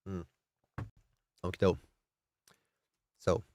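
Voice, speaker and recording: A man's voice: very slow, a little mellow, slight background noise. A man with a nasal, somewhat strained voice, casually explaining music production on a live stream, thinking aloud with many fillers. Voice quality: nasal, throat-squeezed.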